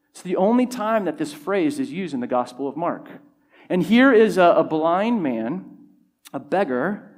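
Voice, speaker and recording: A man preaching a sermon, stepping through a Bible passage verse by verse and rising in pitch and volume when he quotes the shouting. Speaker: pastor.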